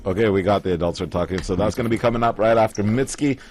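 Male radio host with a low-ish voice, loose and chatty, quick to laugh. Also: a little mellow, soft background music. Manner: chatty, laughs easily, reads listener messages. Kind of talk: casual radio chat.

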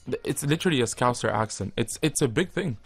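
A man's voice: medium pitch, expressive, fast talker, creaky, breathy edge, faint music behind. A man around twenty co-hosting a radio show in casual chat, upbeat, teasing and reassuring. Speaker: radio co-host.

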